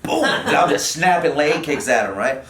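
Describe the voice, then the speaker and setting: Middle-aged man, comedian guest, animated and profane, roomy studio echo. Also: fairly high pitch, moderate pace. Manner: animated, profane, many fillers and restarts. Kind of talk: casual storytelling chat. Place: podcast studio.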